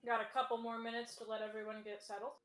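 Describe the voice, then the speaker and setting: Woman game master, a bit high-pitched, dry teasing. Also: little pitch movement, fast talker, a bit bright, reverberant. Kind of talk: casual chat before a tabletop game.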